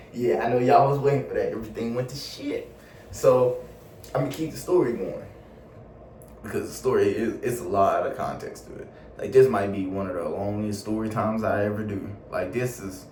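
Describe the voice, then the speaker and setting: A young man telling a casual storytime vlog in slangy, animated talk full of swearing. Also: on the low side, far from the mic, a little hiss or hum. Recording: roomy echo, a bit off mic, faint ambience.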